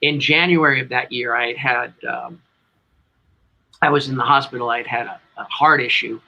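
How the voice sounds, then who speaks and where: A man's voice: medium pitch, fairly even intonation, normal speed, sharp tone, lo-fi sound. A middle-aged man with a New England accent, a tribute band singer telling a long, rambling story as an interview guest.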